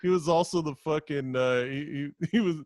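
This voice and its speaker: A man co-hosting a podcast, telling a story in a profane, ranting way that gets louder as he gets worked up. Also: on the high side, normal speed, dry recording, clean studio sound. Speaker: podcast co-host. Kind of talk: casual chat.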